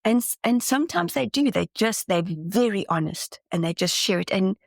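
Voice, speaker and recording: A woman's voice: mid-range voice, animated, normal speed, creaky, no echo, studio quality. A woman guest in a casual interview, talking earnestly and enthusiastically, often restarting her sentences. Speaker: podcast guest, spiritual channeler.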